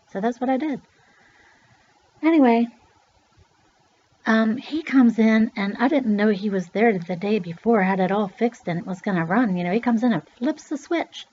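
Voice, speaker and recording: A woman's voice: mid-range voice, expressive, normal speed, a little mellow, slight background noise. A middle-aged woman from Pennsylvania rambling through a personal story in a loose, chatty way, swearing now and then. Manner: chatty, loose, swears, acts out voices in quotes. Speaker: vlogger. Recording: dull lo-fi recording.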